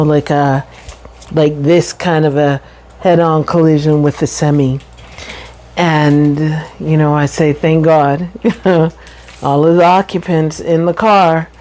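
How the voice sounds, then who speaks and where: A middle-aged woman slowly and thoughtfully sharing her story of recovery from a brain injury, with light laughs and quick bursts between pauses. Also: low voice, darkish tone, rough recording. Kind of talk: reflective personal talk.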